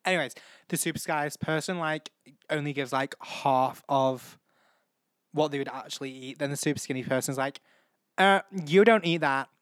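A man's voice: medium pitch, fairly even intonation, normal speed, clear, resonant tone, dry recording, studio quality. A young man hosting a casual solo chat show, chatty and giggly, often breaking off to apologise. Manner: chatty, giggly, keeps saying sorry. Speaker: podcast host. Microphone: home microphone.

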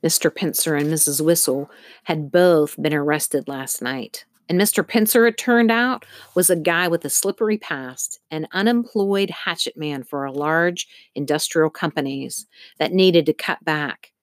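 Woman narrator, low voice, dry close sound, steady reading. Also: unhurried, no echo. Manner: steady storytelling, occasional slips. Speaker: audiobook narrator. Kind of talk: scripted narration.

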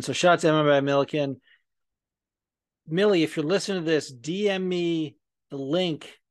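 Podcast host guy, kinda high voice, rambly and sweary, lots of likes and ums. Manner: rambling, profane, many fillers and restarts. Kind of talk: casual podcast chat.

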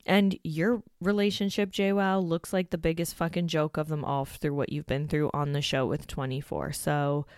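A woman's voice: low voice, smooth, no echo, clean studio sound. A woman giving a blunt, sarcastic reality-show recap in casual chat, swearing freely and filling her talk with "like". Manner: blunt, sarcastic, swears a lot, says "like" constantly. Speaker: recap commentator.

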